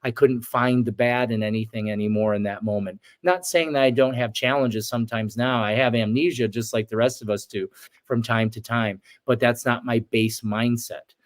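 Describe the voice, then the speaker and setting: A man's voice: medium pitch, steady tone, moderate pace. A man in his forties, a shaman guest on an interview show, telling a personal story earnestly and acting out his past outbursts.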